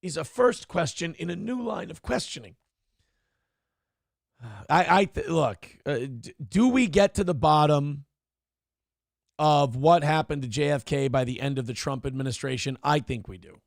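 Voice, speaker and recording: Gravelly, irreverent man hosting a show. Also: a little high, lively intonation, normal speed, no room sound, clean studio sound. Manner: irreverent, riffing, profane. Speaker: morning show host. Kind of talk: comedic news talk.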